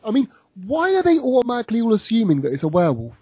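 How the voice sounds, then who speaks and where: A man's voice: extremely high pitch, wildly swooping pitch, rapid-fire, dark tone, husky, dry recording. A man chatting casually on a podcast, rambling with lots of fillers and frequent laughter. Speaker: podcast host. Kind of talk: casual chat reviewing an episode.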